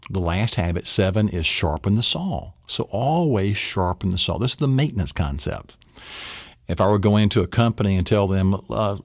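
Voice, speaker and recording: A man's voice: on the low side, expressive, normal speed, gravelly, no echo, clean studio sound. A middle-aged man teaching a memory technique, playful and acting out little scenes along the way. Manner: playful, acts out little scenes in silly voices. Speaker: memory trainer.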